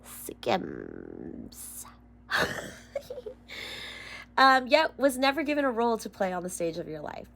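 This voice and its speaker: A woman's voice: on the high side, expressive, fast talker, few pauses, fairly bright tone. A young woman giving a casual tarot reading, chatty and loose, swearing and laughing between solemn card readings. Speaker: tarot reader.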